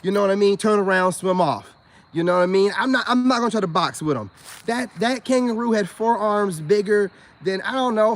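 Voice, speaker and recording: High-voiced laughing American man. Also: slight background noise. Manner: laughs often, loose slangy delivery. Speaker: spiritual self-help vlogger. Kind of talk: casual rambling commentary to viewers.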